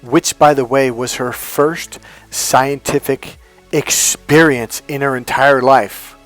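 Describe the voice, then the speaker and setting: A man's voice: medium pitch, steady tone, slow pace, a bit bright, soft background music. A middle-aged man coaching in a spontaneous, emphatic monologue, acting out the dialogue in his stories. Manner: emphatic, storytelling, acts out quoted dialogue. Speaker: self-help coach.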